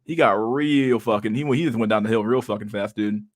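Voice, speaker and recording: A man's voice: fairly low pitch, a little fast. Rambling, profane male streamer. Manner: rambling, profane, laughs often, mock outrage. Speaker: livestream host. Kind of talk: casual chat with live viewers.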